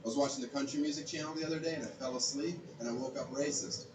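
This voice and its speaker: A man doing stand-up, delivering dry deadpan one-liners. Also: mid-range voice, rapid-fire, roomy sound, far from the mic, background noise. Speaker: stand-up comedian. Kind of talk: stand-up set.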